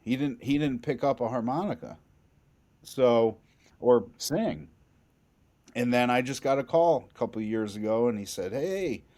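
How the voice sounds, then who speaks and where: A man from New England, a bassist guest, telling stories in a podcast interview in an animated, excitable way with frequent restarts. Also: moderate pace.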